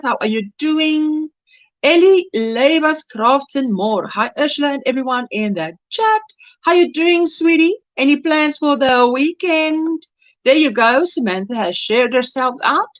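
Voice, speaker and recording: A South African woman hosting a casual crochet livestream, warmly greeting viewers by name. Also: high voice, no echo, highs cut off.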